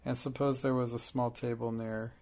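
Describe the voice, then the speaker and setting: A man reading the part of a sad, dignified young girl in an audiobook, speaking softly and low. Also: flat delivery, moderate pace, close to an everyday voice. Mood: quiet, sad. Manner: soft, low and quiet.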